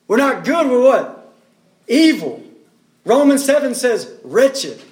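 A man preaching a sermon, pressing his points with rhetorical questions and repeating key words. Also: very high-pitched. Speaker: pastor. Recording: roomy echo.

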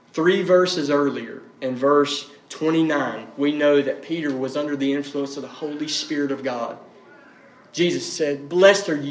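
A man delivers a sermon from the pulpit, pressing each point home by repeating it. His voice sits a little high for a man. The sound rings around an echoey room. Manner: emphatic, repeats key phrases for weight. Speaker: pastor. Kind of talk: expository sermon.

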